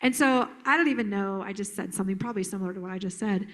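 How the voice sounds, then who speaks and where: A woman giving a live conference talk as a therapist, animated and joking, slipping into silly voices. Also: medium pitch, rapid-fire.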